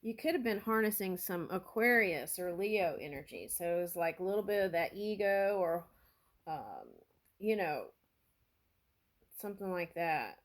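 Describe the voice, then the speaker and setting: A woman giving a spiritual tarot reading, talking slowly and earnestly and thinking aloud as she goes. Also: fairly low pitch, lively intonation. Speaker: tarot reader.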